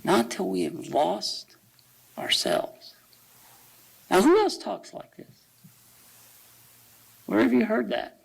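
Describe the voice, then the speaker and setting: High, gravelly male preacher. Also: huge pitch swings, low-quality recording. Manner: conversational, with rhetorical questions; reads quotations aloud slowly. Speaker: speaker at a church service. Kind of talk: sermon.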